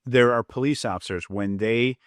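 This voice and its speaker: The recording is dry, with clean studio sound, and the man's mid-range voice has a clean tone and normal speed. A former police officer and current public safety trainer, he speaks with an Upper Midwest American accent as he explains points in a podcast interview, acting out quoted lines to show how they sound.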